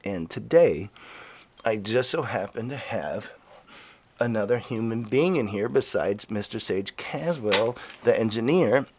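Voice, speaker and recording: A man's voice: on the low side, animated, unhurried, slight background noise. A man hosting a podcast in a studio, rambling and joking with plenty of swearing. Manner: profane, jokey, rambling. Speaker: podcast host. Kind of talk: casual rambling chat.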